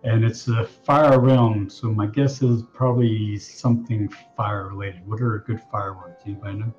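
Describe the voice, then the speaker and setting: A man playing a tabletop game, thinking out loud and planning tactics in casual chat. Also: fairly low pitch, steady tone, normal speed, muffled recording, faint music behind. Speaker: player.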